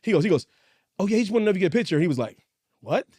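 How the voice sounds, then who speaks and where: A man's voice: rapid-fire, husky. A middle-aged man co-hosting a podcast, telling a story in casual chat and acting out the quotes. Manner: animated, acts out quotes with big pitch jumps. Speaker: podcast co-host. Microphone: studio mic.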